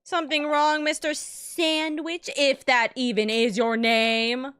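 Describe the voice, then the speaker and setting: A woman's voice: high-pitched, little pitch movement, takes it slowly, fairly bright tone, a little hiss or hum, pitched above the performer's own voice. A woman voicing a young female investigator who questions people with dry skepticism, reading game dialogue aloud. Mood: probing.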